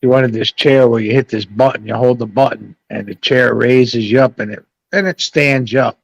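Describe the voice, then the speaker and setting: A man's voice: medium pitch, moderate pace, vocal fry, no echo, dull audio. A middle-aged man telling a rambling, profane story on a live chat panel.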